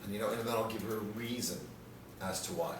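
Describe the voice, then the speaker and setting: A man's voice: fairly low pitch, level tone, fast talker. A man leading a live dating seminar Q&A, brash, profane and joking, often laughing. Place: seminar room with audience. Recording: echoey room from a distance, audience noise.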